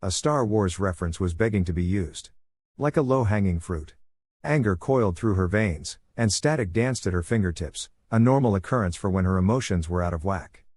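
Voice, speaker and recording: A man's voice: deep voice, expressive, normal speed, a little mellow, no echo, studio quality. A man reading fan fiction aloud, narrating and voicing the dialogue with little character acting. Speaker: fanfiction reader.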